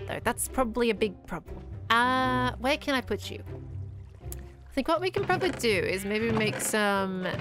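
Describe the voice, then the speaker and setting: A woman giving casual gameplay commentary in a bubbly manner, cooing baby talk at animals. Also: a little high. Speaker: gameplay host. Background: background music.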